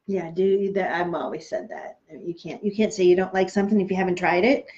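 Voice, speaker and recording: A woman in casual chat, animated and enthusiastic, with lively swings in her voice. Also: fairly quick. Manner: animated and enthusiastic, swinging pitch, laughing easily. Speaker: Human Design practitioner. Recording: dull lo-fi sound.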